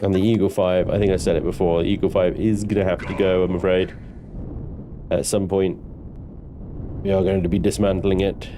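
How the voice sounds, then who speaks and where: Chatty low-voiced male game streamer. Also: level tone, brisk, long pauses, mellow, slight background noise. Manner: chatty, swearing, banters with chat. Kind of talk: live gameplay commentary.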